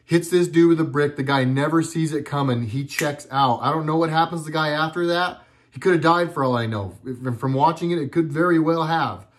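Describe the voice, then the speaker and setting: A man's voice: fairly high pitch, a little fast. A middle-aged man talking at home in a casual monologue, earnest and rambling, often stopping and restarting his sentences. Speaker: video blogger.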